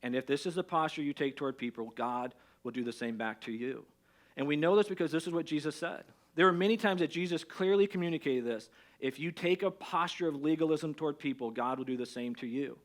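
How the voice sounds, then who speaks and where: A middle-aged man as pastor, preaching a conversational sermon and telling a personal story with animated restarts. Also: on the high side, fairly quick.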